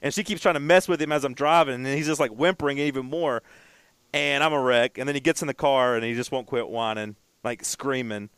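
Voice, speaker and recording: Smooth-voiced man telling rambling stories. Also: mid-range voice, a little fast, fairly bright tone, dry recording. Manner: rambling storyteller, stumbles and repeats words. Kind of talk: casual chat.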